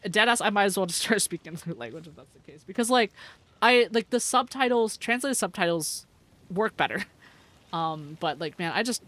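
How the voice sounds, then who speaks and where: A young woman talks on a livestream in a loose, rambling way, laughing often and swearing freely. Her voice is bright and forward, and it sits close on a desk microphone. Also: mid-range voice, no room sound. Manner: giggly, slangy and profane, rambling. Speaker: streamer. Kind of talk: casual livestream chat.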